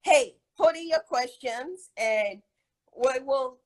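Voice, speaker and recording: High-voiced Nigerian woman hosting a webinar. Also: expressive, slow. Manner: encouraging, motivational. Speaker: webinar host. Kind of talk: live online webinar talk.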